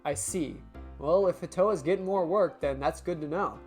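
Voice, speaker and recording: A woman voicing a weary, gruff male film director in a story game, grumbling in a low voice. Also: moderate pace, a little mellow, faint music behind, close to an everyday voice.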